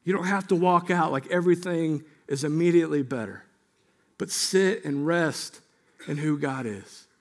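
A man preaching a sermon as pastor, earnest and conversational, often checking in with "right?" and growing quiet and gentle as he leads prayer. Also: fairly high pitch. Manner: earnest, repeats key phrases, asks "right?"; turns quiet and slow while leading prayer.

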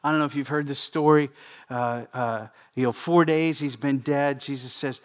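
A man's voice: mid-range voice, fairly even intonation, moderate pace. A man preaching a sermon in a conversational way, often repeating phrases and speaking straight to the congregation. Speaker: pastor.

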